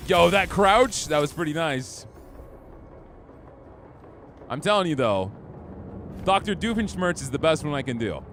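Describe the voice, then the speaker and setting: A man's voice: a little high, big pitch swings, a little slow, long pauses, fairly bright tone, slight background noise. Easygoing young man streaming a game. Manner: easygoing, chatty, talks to chat. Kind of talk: casual gameplay chat.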